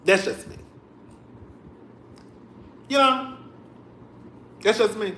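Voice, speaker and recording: A young man giving sassy, animated commentary straight to his viewers in a casual vlog, full of cussing. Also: high voice, very slow, reverberant, slight background noise. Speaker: vlogger. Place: home room.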